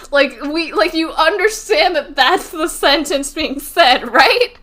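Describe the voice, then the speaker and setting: A woman's voice: high voice, expressive, slow, hardly any pauses, a bit bright. A woman co-hosting a podcast in casual chat, incredulous and emphatic as she mockingly paraphrases dialogue. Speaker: podcast co-host. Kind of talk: casual chat recapping a TV episode.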